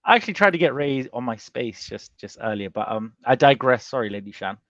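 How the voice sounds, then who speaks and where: As a panelist on a boxing chat show, a man talks casually and animatedly at medium pitch and a fairly quick pace. He rambles and keeps restarting his sentences. The recording is muffled but has no echo.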